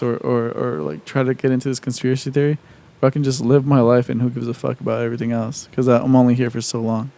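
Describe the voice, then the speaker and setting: A man's voice: mid-range voice, flat delivery, fast, dark tone. A man co-hosting a podcast in casual chat, rambling with lots of profanity, fillers and restarts. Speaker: podcast co-host.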